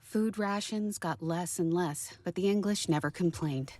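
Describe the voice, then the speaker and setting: A woman narrating as a granddaughter, telling her grandmother's wartime story in a calm, measured way. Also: fairly low pitch, no echo, natural voice. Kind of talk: scripted documentary narration.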